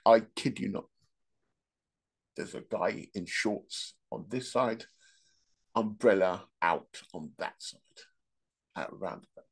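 A man's voice: fairly low pitch, slow, creaky, long pauses, breathy edge. A man hosting a podcast, telling rambling, joking anecdotes in a casual monologue. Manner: rambling, joking storyteller who laughs at his own anecdotes. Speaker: podcast host.

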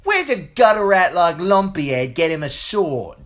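A man's voice: high-pitched, very animated, normal speed, a bit bright, pitched above the performer's own voice. A man voicing a mocking orphan boy with a braying laugh, in a jeering, taunting manner.

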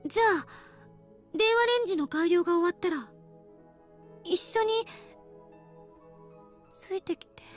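A woman's voice: extremely high pitch, normal speed, pauses often, soft background music. An actress voicing a prickly, easily flustered young female scientist in a Japanese visual novel, bashful one moment and bossy the next. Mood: tender. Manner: bashful, then pushy and bossy. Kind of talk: Japanese game voice acting.

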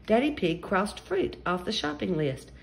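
A woman hosting a story-time channel, reading a children's picture book aloud in an animated, expressive way. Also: medium pitch, a little slow, vocal fry. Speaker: storyteller host.

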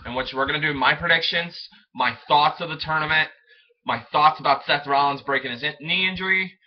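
Excitable young man rambling, lo-fi sound. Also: on the high side, husky. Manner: rambling, excitable, stumbles over words. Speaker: wrestling fan vlogger. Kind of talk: casual solo commentary. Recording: dull lo-fi home recording.

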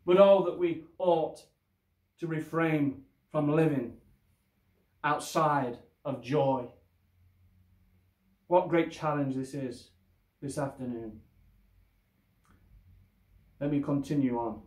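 A man preaching a sermon as pastor, slow and deliberate, pressing his listeners with rhetorical questions. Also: on the high side, darkish tone, roomy sound.

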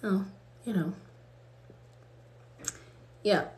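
Woman from colorado, livestream prayer and chat, laughs a lot, unhurried, roomy sound. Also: medium pitch, darkish tone. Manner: laughs often, talks off the cuff, reads viewer comments aloud. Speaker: livestream host. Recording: roomy echo.

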